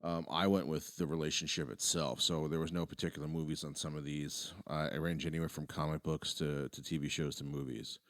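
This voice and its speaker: A man's voice: rumbling low, little pitch movement, brisk, hardly any pauses, fairly bright tone, no echo. A man co-hosting a casual podcast, hesitant and repeating words, with dry humor. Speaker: podcast co-host.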